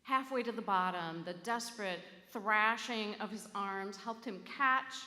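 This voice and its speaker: A woman minister delivering a sermon, telling a story slowly with dramatic emphasis. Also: mid-range voice, sharp tone. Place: church sanctuary. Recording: echoey sanctuary with long reverb.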